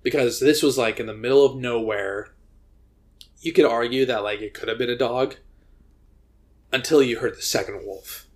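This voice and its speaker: Brief: male podcast co-host, mid-pitched, loose rambling storyteller, lots of ums and restarts. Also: moderate pace, pauses often. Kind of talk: casual chat.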